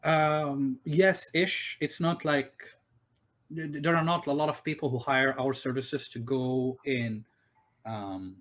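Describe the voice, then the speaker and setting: A man runs a tabletop game at an ordinary middle pitch. He talks haltingly, full of fillers and restarts, answering the players as the characters they meet. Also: fairly even intonation, fairly bright tone. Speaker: game master.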